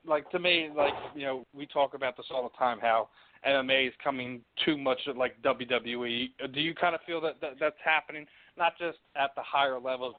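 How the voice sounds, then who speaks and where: A man hosting a casual interview, rambling with many fillers and laughing easily. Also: medium pitch. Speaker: podcast host. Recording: tinny phone-like line.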